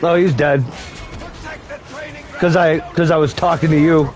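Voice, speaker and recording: A man's voice: on the high side, steady tone, unhurried, soft background music, rough recording. A man hosting casual gaming commentary, joking and rambling with lots of laughs. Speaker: gaming channel host.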